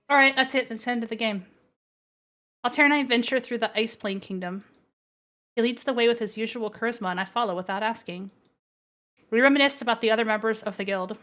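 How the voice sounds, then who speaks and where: A woman's voice: on the high side, a little fast, long pauses, soft background music. Giggly, playful streamer woman. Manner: giggly, playful, stammers when excited. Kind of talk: reading a visual novel aloud with commentary.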